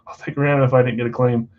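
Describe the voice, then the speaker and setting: A man's voice: mid-range voice, a little mellow, dull audio. A married man hosting a live card break, chatting casually and rattling off buyers' names and teams. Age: adult, married. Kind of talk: casual live-stream chat. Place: basement card room.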